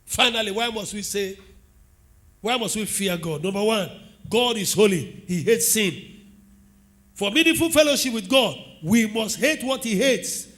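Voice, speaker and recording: Nigerian pastor, middle-aged man, lively storytelling sermon, high tense voice. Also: measured pace. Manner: animated storytelling preacher, asks the congregation questions.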